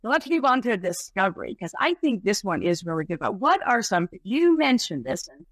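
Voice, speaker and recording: A woman's voice: mid-range voice, sing-song, a little fast, no echo. Chatty woman podcast host. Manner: chatty, many fillers like right and you know. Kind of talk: podcast interview.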